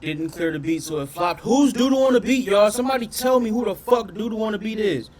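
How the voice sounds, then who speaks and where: A man doing casual reaction commentary on his channel, talking in an animated, profane way and often questioning his audience. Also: sits high, brisk. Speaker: reaction streamer.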